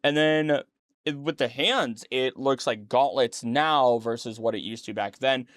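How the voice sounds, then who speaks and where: A man's voice: mid-range voice, a little slow, a bit bright, dry recording, studio quality. A tired man streaming his reaction to a documentary, rambling, self-correcting and making chatty asides. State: tired, yawning late at night. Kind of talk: casual reaction commentary.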